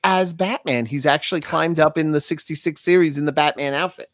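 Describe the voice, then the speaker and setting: A man's voice: a little high, steady tone, a little fast, no echo, studio quality. A man talking about comics and old TV on a podcast, eager, with frequent restarts. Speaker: podcast co-host. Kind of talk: casual comic book discussion.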